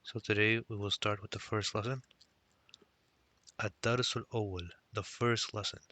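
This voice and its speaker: A man's voice: fairly low pitch, level tone, moderate pace, pushed and bright, no echo. A man teaching a recorded language lesson, explaining step by step and mixing Arabic phrases into his English.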